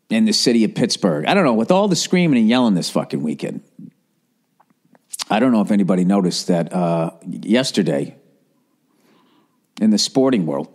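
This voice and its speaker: A man's voice: fairly low pitch, darkish tone. A man from the area, ranting in casual, profane, sarcastic podcast talk. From Boston area. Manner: sarcastic, rambling, swears constantly.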